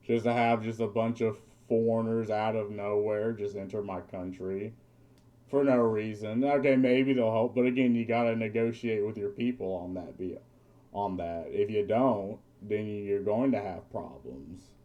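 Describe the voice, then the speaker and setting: A man's voice: on the low side, moderate pace, dull audio. A man streamer giving a blunt, profane, ranting commentary while reacting to a video, now and then mocking others in put-on quotes.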